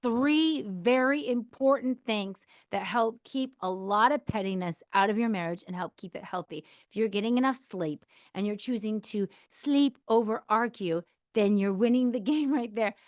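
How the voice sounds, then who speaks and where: A woman's voice: fairly high pitch, moderate pace, no echo. A woman in her thirties hosting a podcast, giving candid, chatty advice with lots of fillers. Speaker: podcast host. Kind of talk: casual advice monologue.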